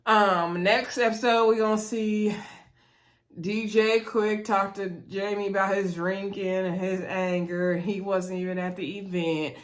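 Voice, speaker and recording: A woman's voice: medium pitch, steady tone, a little slow. Woman reviewer, chatty recap vlog, talks to viewers like friends, medium voice. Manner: chatty, addresses viewers as y'all, laughs often.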